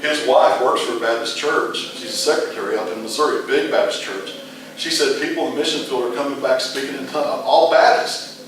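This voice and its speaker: Middle-aged guy rambling thru a bible lesson, boomy room, kinda far from the mic, hissy. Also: a little fast, very echoey. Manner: rambling, storytelling with frequent restarts. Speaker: Bible teacher. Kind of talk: casual Bible class teaching.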